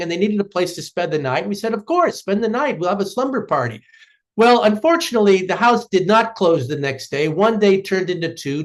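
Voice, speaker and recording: A middle-aged man, a professor, telling a personal story in a talk, with frequent fillers and restarts. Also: high voice. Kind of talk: storytelling lecture.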